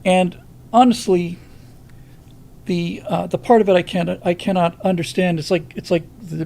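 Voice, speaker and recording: A man's voice: sits high, fairly even intonation, normal speed, creaky, dark tone. A man hosting a live stream, giving a rambling monologue of political commentary with lots of fillers and restarts.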